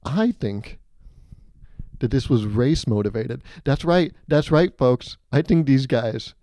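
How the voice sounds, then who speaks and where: A man hosting a solo comedy podcast, telling animated, self-mocking stories and laughing mid-sentence. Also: mid-range voice, slow pace, dry recording, clean studio sound. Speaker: podcast host.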